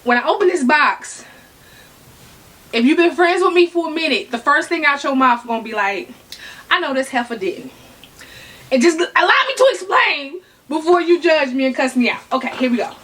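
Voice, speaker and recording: A woman vlogging an unboxing, chatty and full of slang, excitedly talking to herself and her viewers, breaking into laughs and whispers. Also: high voice, a little fast. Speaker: fashion vlogger.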